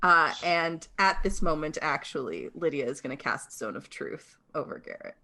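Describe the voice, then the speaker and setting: A woman's voice: sits low, animated, normal speed, sharp tone. A woman playing a tabletop game, telling her character's actions in a dramatic storytelling way. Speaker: player.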